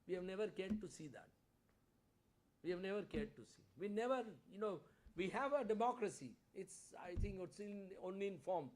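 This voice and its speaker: A man's voice: high voice, animated, normal speed, noisy background. An older man with an Indian English accent giving an impassioned public lecture in a conference hall, reading quotations aloud with rising emphasis. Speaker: lecturer, senior lawyer.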